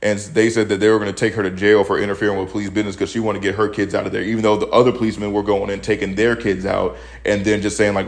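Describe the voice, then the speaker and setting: He talks fast with a lowish, creaky voice, a level tone and few pauses. The speaker is a young man hosting his own opinion podcast, ranting profanely and bluntly about the news in casual commentary while slightly out of breath.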